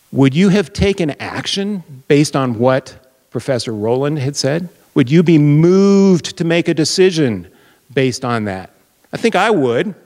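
A man preaching a Bible teaching sermon, explaining deliberately and posing questions to his listeners. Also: fairly high pitch. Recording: long reverb of a large hall.

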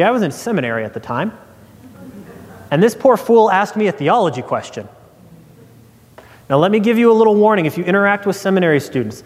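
A man in his thirties preaching a sermon, telling a personal story and acting out quoted voices, dropping low for emphasis. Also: darkish tone. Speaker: pastor. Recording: long hall reverb.

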